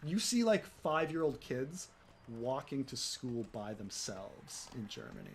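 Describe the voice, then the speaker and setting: A man's voice: mid-range voice, sing-song, a little slow, a little hiss or hum. A man from the United States chatting casually, rambling with lots of fillers and restarts and swearing freely. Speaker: gaming streamer chatting. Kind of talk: casual chat.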